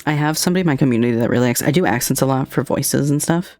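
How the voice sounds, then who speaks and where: Streamer host, mid-pitched, swearing casually and asking curious questions, dry close sound. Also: rapid-fire, a little mellow, no room sound. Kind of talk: casual chat.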